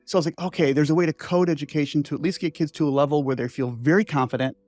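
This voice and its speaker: Speaking very fast with a fairly high, steady and slightly mellow voice, an inventor in his sixties rambles through his life story in an interview. The conversation wanders, peppered with "like" and "right?", with no room sound and faint background music.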